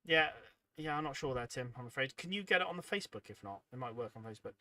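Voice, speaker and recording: A man's voice: medium pitch, animated, fast, bright, forceful tone, dry recording. A man hosting a hobby livestream, chatting casually and reading out viewer comments, rambling and self-deprecating, sounding tired and yawning. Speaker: livestream host.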